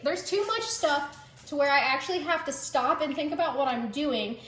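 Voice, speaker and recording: Chatty, high-voiced woman hosting a home cooking video; casual and jokey in an echoey kitchen. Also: normal speed, fairly bright tone, slight background noise. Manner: chatty, joking, lots of "like" fillers. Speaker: cooking vlog host.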